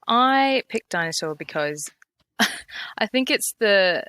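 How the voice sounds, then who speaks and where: A woman's voice: medium pitch, lively intonation, slow, pushed and bright, dry recording. Enthusiastic woman podcast guest. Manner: enthusiastic, rambling. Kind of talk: casual chat.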